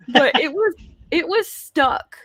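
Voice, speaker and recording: A woman guest in casual chat on a podcast, giggly and quick to laugh, speaking over a remote call. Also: sits high, lively intonation, a bit bright, dry recording.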